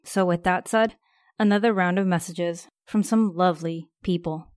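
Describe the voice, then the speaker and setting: A woman's voice: fairly low pitch, fairly even intonation, moderate pace, a little mellow, dry recording, studio quality. A woman hosting her own podcast, chatting in an upbeat way to her listeners. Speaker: podcast host. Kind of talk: casual podcast talk.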